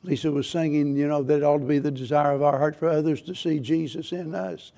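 A man's voice: a little high, steady tone, brisk, warm tone. A man preaching a church sermon with earnest, repetitive phrasing and frequent restarts. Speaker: pastor.

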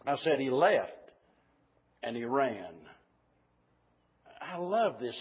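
A preacher with a high, husky male voice delivers a sermon, swinging between easy asides and fervent, emphatic peaks. The recording is dull and lo-fi, as if taped in a church. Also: lively intonation, takes it slowly, pauses often.

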